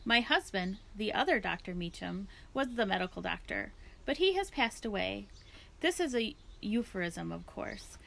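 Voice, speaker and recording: A woman voicing an eccentric elderly woman philosopher who talks in a formal, digressive, unhurried way. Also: medium pitch, sing-song, vocal fry, fairly bright tone. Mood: musing.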